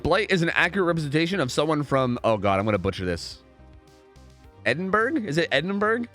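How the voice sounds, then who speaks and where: A man's voice: on the high side, big pitch swings, fairly quick, fairly bright tone, faint music behind. A young man casually commentating a game live on stream, rambling, repeating himself and swearing freely.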